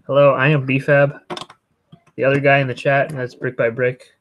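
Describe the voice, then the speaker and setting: Man, mid-pitched co-host, deadpan teasing, faint noise on the line. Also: normal speed, muffled recording. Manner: dry, teasing. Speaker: co-host and Lego collector. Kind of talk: casual chat.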